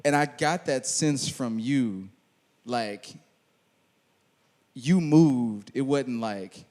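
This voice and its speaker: A man hosting an artist talk, speaking in a relaxed, conversational and playful way. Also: medium pitch, very slow, pauses often. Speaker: host interviewer. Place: hall at a museum. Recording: reverberant hall.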